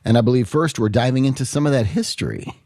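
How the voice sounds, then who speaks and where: A man's voice: medium pitch, sing-song, quick pace, gravelly, mellow, no room sound, studio quality. A man co-hosting a podcast, jokey and anecdotal. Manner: jokey, anecdotal, laughs often. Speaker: podcast co-host. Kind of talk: casual podcast chat.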